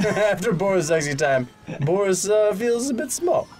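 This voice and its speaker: Man, gaming co-host, wry jokes, lively pitch, a bit high, faint music behind. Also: normal speed. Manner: wry, joking commentary on his own losing. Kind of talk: casual let's-play banter.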